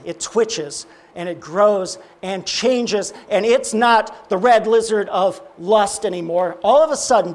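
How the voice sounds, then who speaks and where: Man, preacher, high voice, sermon storytelling, voices the dialogue softly. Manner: acts out dialogue in quotes, dropping low and quiet.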